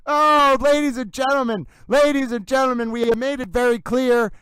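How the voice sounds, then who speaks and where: A man's voice: extremely high pitch, fairly even intonation, a little fast, clear, resonant tone, no echo. A man hosting a livestream, chatting playfully with his viewers and making theatrical, emphatic declarations. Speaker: livestream host. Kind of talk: casual livestream chat.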